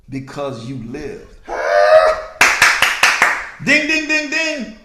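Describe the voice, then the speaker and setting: A man with a fairly high voice speaks with an unhurried, deliberate pace, like a preacher driving his message home. He repeats his key lines slowly so they land. The sound has a noticeable echo from the room around him. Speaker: podcast host. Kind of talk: motivational podcast talk. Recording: echoey room.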